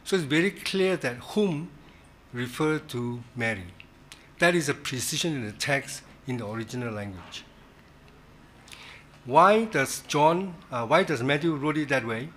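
A man leading a Bible study in a church, teaching in a halting way, repeating words and stressing key words. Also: medium pitch, expressive, a bit bright, slight background noise.

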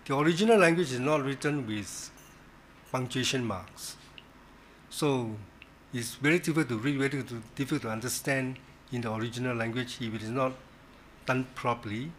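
A man leading a Bible study in a church, teaching in a halting way, repeating words and stressing key words. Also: mid-range voice, a little hiss or hum.

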